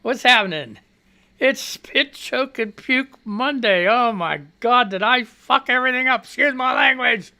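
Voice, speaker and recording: A man hosting a casual live radio show, rambling loudly and swearing freely from a home studio. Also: very high voice, unhurried, few pauses, clean tone. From United States.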